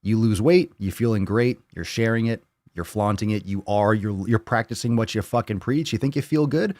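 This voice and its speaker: Hosting a live fitness question-and-answer stream from home on a video call, a man delivers a blunt, profane, worked-up casual rant. His fairly low voice is a little mellow and moves at normal speed, with no room sound.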